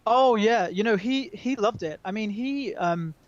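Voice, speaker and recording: A man's voice: high voice, a little slow, dull audio. A British man, a magazine editor, chatting hesitantly with many ums as a call-in guest. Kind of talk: casual chat over a call. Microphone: remote call.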